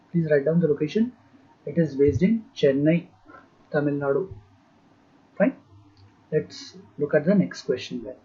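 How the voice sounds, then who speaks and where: A man with a somewhat high, husky voice gives an exam prep lesson, repeating each term slowly so students can copy it down and spelling words out letter by letter. He fills his pauses with "uh." The recording sounds dull and lo-fi. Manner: frequent "uh" fillers. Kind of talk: dictation-style lecture.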